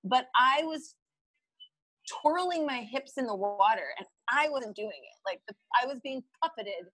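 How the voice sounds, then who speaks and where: Woman guest, higher voice with breathy husk, lively storyteller who laughs and quotes herself, dry close sound. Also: unhurried, no echo, low-quality recording. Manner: animated, laughing, quotes her own thoughts. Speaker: podcast guest. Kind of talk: casual storytelling.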